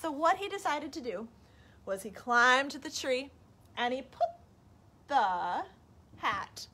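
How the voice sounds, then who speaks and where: A woman librarian reading a picture book aloud at a children's storytime, animated and asking the kids questions. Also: high-pitched, slow.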